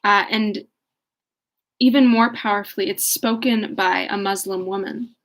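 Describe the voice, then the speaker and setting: A woman's voice: medium pitch, fairly even intonation, measured pace, a bit bright. A young woman reading a novel aloud, then chatting in a casual, thoughtful way, laughing often and trailing off as she searches for things. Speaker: book reader and commentator.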